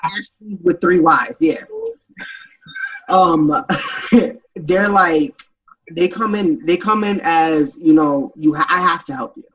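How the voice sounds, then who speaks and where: A man tells animated stories on a group podcast and slips into the voices of the people in them. He sits away from the mic, his voice a little high for a man, and the sound is muffled and lo-fi. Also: slow, long pauses. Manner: animated storytelling, acts out quoted voices. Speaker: podcast panelist. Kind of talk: casual group chat. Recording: dull, distant sound.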